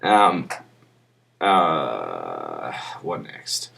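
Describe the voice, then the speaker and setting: Young man, very low voice, drunk, rambling, crude and profane, webcam vlog. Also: wildly swooping pitch, very slow, creaky, a bit bright. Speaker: vlogger. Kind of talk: rambling casual monologue.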